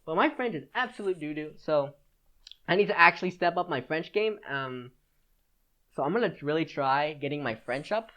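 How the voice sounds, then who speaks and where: A man's voice: on the high side, lively intonation, moderate pace, a bit bright. A teenage boy hosting a solo podcast in a rambling, casual chat, full of fillers and restarts. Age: teens. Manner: rambling, chatty, with many "like"s and restarts. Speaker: podcast host.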